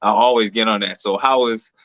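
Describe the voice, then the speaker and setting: A man hosting a casual interview, asking relaxed questions full of fillers. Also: fairly low pitch, a little fast, no echo. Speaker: host. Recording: dull lo-fi mic.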